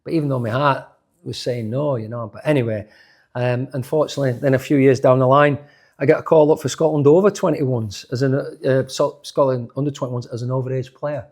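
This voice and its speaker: A man's voice: medium pitch, steady tone, brisk, a little mellow. A man of around sixty, a former footballer telling stories in an interview, restarting and repeating words as he goes. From England. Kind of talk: storytelling in a sports interview.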